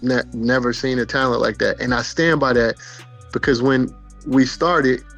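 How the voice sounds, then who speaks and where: A man's voice: mid-range voice, steady tone, normal speed, fairly bright tone, faint music behind. A man, a rapper, talking emphatically in an interview, repeating himself and swearing.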